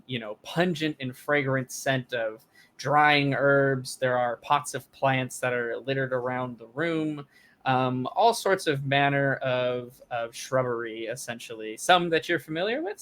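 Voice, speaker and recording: A man narrating as dungeon master in a relaxed, rambling way with many fillers. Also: medium pitch. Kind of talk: narrating a tabletop game.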